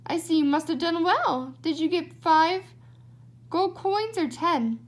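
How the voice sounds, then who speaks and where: Woman reading as a high-voiced widowed mother, scolding. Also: expressive, unhurried. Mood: eager. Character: poor widowed mother, quick to anger.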